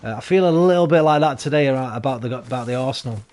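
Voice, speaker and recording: A man's voice: medium pitch, fast talker, a little mellow. A tired man chatting and rambling casually to his viewers while streaming a game. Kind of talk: casual live-stream chat while gaming.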